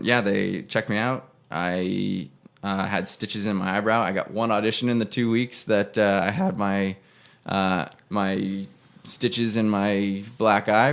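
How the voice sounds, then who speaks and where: A young man with a low, gravelly voice tells a personal story in a relaxed, casual way. He rambles and corrects himself as he goes. He slips into small voices when he quotes people. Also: measured pace. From Canada. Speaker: actor and podcast guest.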